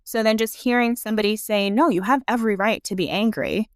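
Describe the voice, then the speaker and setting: A woman's voice: medium pitch, fast talker, no echo, studio quality. A young adult woman, a podcast guest, talking frankly about grief and laughing easily. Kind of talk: casual conversation about grief.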